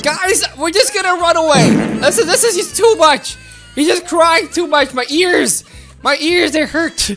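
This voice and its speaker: A woman giving excitable, exclaiming commentary while playing a video game, with faint game music behind her. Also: very high voice, unhurried. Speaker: gaming video host.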